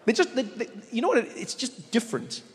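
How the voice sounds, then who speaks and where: Male stand-up comic, animated storyteller, high voice, big echoing venue. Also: quick pace, a little hiss or hum. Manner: animated storyteller, jumps into voices, repeats words for emphasis. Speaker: comedian. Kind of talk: stand-up comedy. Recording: long reverb of a large venue, faint ambience.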